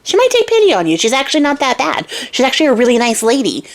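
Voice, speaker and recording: A woman's voice: high-pitched, huge pitch swings, racing, pitched above the performer's own voice, full character voice. A woman voicing a grumpy, blunt old man in a retold fairy tale who lectures in a scolding way.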